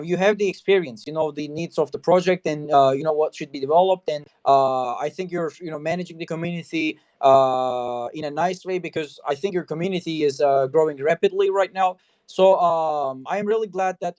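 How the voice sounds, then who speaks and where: A man hosting a relaxed talk show, his voice sitting a little higher than most men's. He rambles easily from thought to thought, padding every sentence with casual fillers. The sound is close and dry, with no room around it. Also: dry recording. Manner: loose and chatty, leaning heavily on "you know" and "I mean". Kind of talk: casual interview chat.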